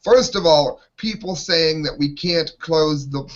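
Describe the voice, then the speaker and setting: A man's voice: on the high side, measured pace. A man ranting in an exasperated way while co-hosting an opinionated panel talk show, heard over lo-fi online call audio.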